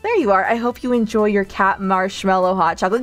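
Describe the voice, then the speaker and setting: A woman's voice: medium pitch, fairly quick, hardly any pauses, soft background music. A woman hosting a playful cafe role-play stream, giggling often and talking sweetly to her viewers. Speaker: streamer host.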